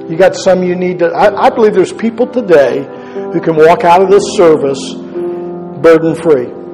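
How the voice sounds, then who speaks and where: A man's voice: a little high, warm tone, big-room sound, low-quality recording. A male pastor preaching an earnest, conversational sermon, repeating key phrases for emphasis. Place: church sanctuary.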